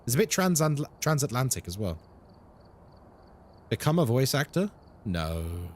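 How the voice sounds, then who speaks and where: A man streaming live and chatting casually with viewers, animated and swearing freely. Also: mid-range voice, moderate pace. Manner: animated, swears freely, drops into mock voices.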